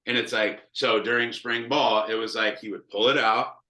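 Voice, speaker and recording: A man's voice: on the low side, moderate pace, roomy sound, poor audio. A man in his thirties, a quarterback coach, telling stories in casual, profane talk and acting out quotes with lots of energy. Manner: profane, animated storytelling with acted quotes.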